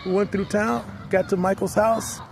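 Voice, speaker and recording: A man's voice: high-pitched, moderate pace, gravelly. A middle-aged man casually telling a story, acting out the other people in it. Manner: lively, acts out other people's voices in quotes. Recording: outdoor street noise with passing vehicles.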